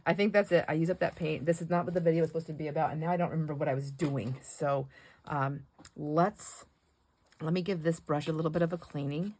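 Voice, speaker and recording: A woman's voice: sits low, fairly even intonation, fast talker, a little mellow, a little hiss or hum. A middle-aged woman chatting casually while she paints, rambling and laughing often. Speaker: craft vlogger.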